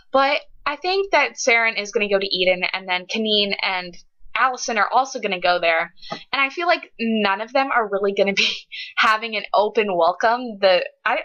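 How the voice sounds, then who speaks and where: Bright, lively young woman, lo-fi audio. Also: mid-range voice. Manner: gushing, emotional, says "like" a lot. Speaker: book reviewer. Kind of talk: casual book review vlog. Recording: lo-fi dull webcam audio.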